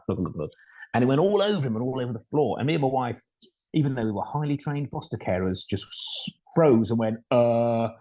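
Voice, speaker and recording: Husky, mellow-voiced foster dad. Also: male voice, mid-range voice, low-quality recording. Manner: self-deprecating anecdotal storytelling with voiced quotes. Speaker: foster carer. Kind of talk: storytelling talk. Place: kitchen at home.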